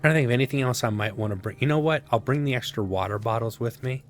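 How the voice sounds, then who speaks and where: A man's voice: medium pitch, fast talker, faint music behind. A man casually commenting on his own survival gameplay, rambling to himself with sarcastic asides. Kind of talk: casual let's-play commentary.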